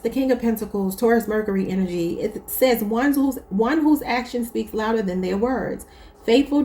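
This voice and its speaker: A woman's voice: mid-range voice, creaky, warm tone, slight background noise. A woman with a Baltimore accent, giving a casual, chatty tarot reading and talking straight to her viewers. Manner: chatty, addresses viewers as y'all. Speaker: tarot reader.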